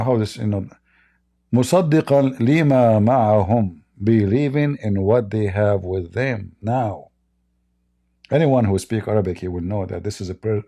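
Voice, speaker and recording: A man's voice: fairly low pitch, dark tone. A man hosting a live debate stream, mocking and combative, speaking in broken English. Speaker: debate host.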